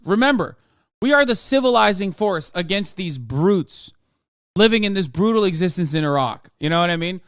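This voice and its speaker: A man's voice: high voice, clear, resonant tone, no echo, studio quality. A man hosting a live stream who reads articles aloud and breaks into profane, sarcastic rants. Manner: fast, flat reading of quoted text. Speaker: streamer host.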